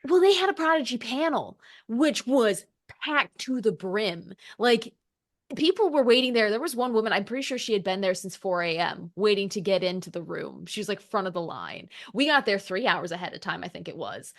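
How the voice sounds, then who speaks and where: An American woman meteorologist, appearing as a podcast guest, tells stories in casual conversation, bubbling with excited laughter and doing quoted voices. Her voice is medium-pitched and gravelly, at a normal speed.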